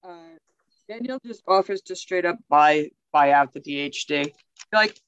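A podcast co-host recapping a TV episode in casual chat, peppered with "like" and quick laughs. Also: mid-range voice, expressive, a bit bright, clear, resonant tone, no echo, dull audio. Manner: chatty, says "like" often, laughs easily.

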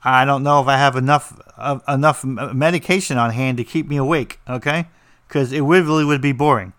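A man's voice: medium pitch, a little fast, a bit bright, clear, resonant tone, no room sound. A man with a New Jersey accent, teaching about writing in a blunt, rambling, joking way with lots of fillers. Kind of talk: casual monologue.

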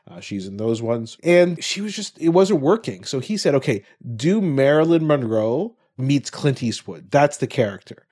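A man's voice: mid-range voice, darkish tone. A middle-aged man co-hosting a podcast, chatting casually about a movie and rambling off on tangents. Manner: rambling, loses track and restarts. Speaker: podcast co-host. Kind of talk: casual movie review chat.

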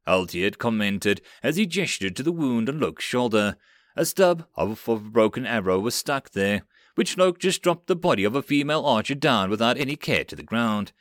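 A male narrator reading a web novel audiobook with an animated, lively delivery. His pitch rises and falls widely, and the recording is dry and close with no room sound. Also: normal speed, dry recording.

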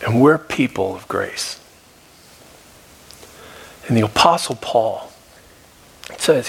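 A male pastor preaching a sermon, telling a story and dropping at times to a soft, hushed voice for emphasis. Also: medium pitch, expressive, slow, gravelly, pauses often, breathy edge. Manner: storytelling, shifts between soft hushed tones and raised emphasis. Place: church.

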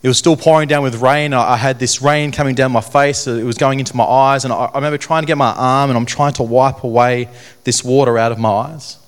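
Young man, earnest testimony speaker, halting and repetitive, mid-pitched voice. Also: steady tone. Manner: earnest, halting, repeats phrases. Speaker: speaker telling his testimony. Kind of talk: personal testimony talk to an audience.

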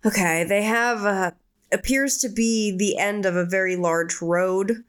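A woman reading a session transcript aloud, describing things in a halting, searching way with many fillers. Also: medium pitch, smooth.

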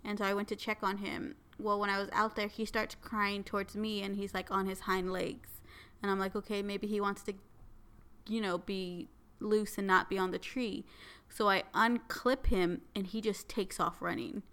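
A woman in casual conversation, recounting a mishap with lively, animated delivery. Her voice is bright and forward. She talks in a relaxed, everyday way. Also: medium pitch, normal speed, smooth. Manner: animated, breathless storytelling. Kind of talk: casual storytelling chat.

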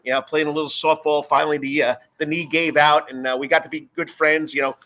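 A New York-accented man hosting a sports radio show with a bright, forceful voice. He talks loud and upbeat and rambles from topic to topic with lots of fillers, pitched a little high. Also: level tone, quick pace. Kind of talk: live radio sports talk.

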